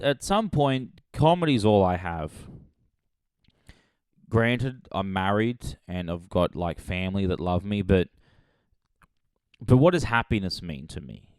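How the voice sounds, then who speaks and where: A man hosting a comedy podcast, rambling through a sarcastic movie pitch in a deadpan way, with sudden loud jumps. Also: unhurried, long pauses, smooth, no echo, clean studio sound.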